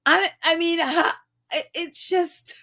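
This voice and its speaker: A woman hosting a live stream in New York nearly cries as she gushes, laughs, and reads the chat aloud. Her very high voice is gravelly, pushed and bright, with a steady tone and slow pace.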